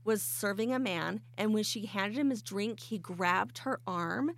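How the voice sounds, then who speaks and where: Female co-host, chatty and filler-heavy, creaky voice. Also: medium pitch, measured pace, dry recording. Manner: chatty storyteller, lots of "like". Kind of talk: casual group chat.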